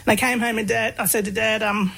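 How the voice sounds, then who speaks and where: A woman, a guest telling stories in a relaxed, chatty way with lots of fillers. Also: a little high, quick pace, creaky, low-quality recording. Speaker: interview guest, researcher. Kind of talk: casual conversational storytelling.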